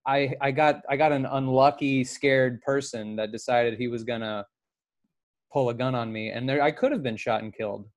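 A man co-hosting a podcast, telling stories in casual chat, animated and full of swearing. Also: medium pitch, moderate pace. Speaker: podcast co-host.

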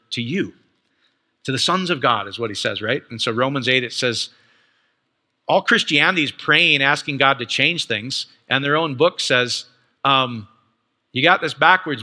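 A man preaching a casual, excited teaching sermon, quoting others and asking his listeners questions. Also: medium pitch, moderate pace, big-room sound. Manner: animated, excited, conversational, quotes others.

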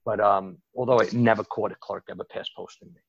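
A man's voice: on the low side, steady tone, brisk, creaky, lo-fi sound. A man telling stories as an interview guest, rambling casually with many restarts and asides. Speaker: interview guest recounting his bookmaking days. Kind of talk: casual storytelling.

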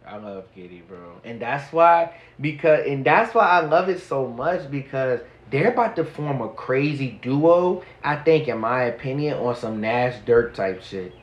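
A man's voice: mid-range voice, animated, a little slow, hardly any pauses, dull audio. A man co-hosting a podcast, talking sports in a slangy, emphatic, casual way. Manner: slangy, emphatic, many restarts. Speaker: podcast co-host. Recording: roomy echo.

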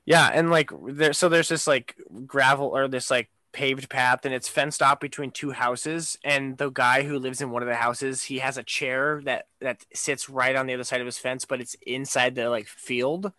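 A man's voice: mid-range voice, fairly even intonation, moderate pace, hardly any pauses, pushed and bright, no echo. A man co-hosting a casual chat, ranting with lots of swearing and fillers.

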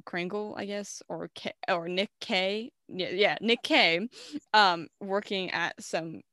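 A woman's voice: mid-range voice, slow pace, pushed and bright, no echo, clean studio sound. Chatty young woman recapping a movie. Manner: retells scenes with lots of fillers and acted-out quotes. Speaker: co-host reviewing a movie. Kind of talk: casual chat.

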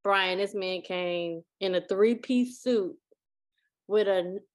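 A woman hosting a podcast, telling a story in casual chat, animated and acting out what people said. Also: mid-range voice, slow pace. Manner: animated, acts out quotes, laughs often. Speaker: podcast host.

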